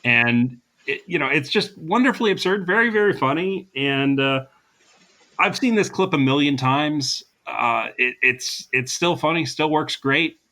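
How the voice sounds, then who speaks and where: A man's voice: a little high, measured pace, bright, forceful tone. A man co-hosting a podcast, recapping a comedy show in casual chat with plenty of fillers. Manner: chatty, recapping with frequent fillers and laughs. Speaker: podcast co-host.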